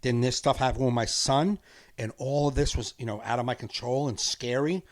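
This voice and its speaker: A man's voice: mid-range voice, brisk. Rambling, earnest man on a podcast. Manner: rambling, earnest, laughs easily. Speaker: podcast host. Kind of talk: casual podcast conversation.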